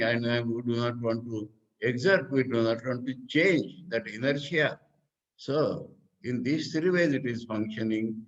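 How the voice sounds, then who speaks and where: A man with an Indian English accent delivers a spiritual discourse at a measured, teacherly pace. He poses questions to his listeners and then answers them, mid-pitched and steady. The recording sounds dull and lo-fi. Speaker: monk teacher giving a scripture discourse.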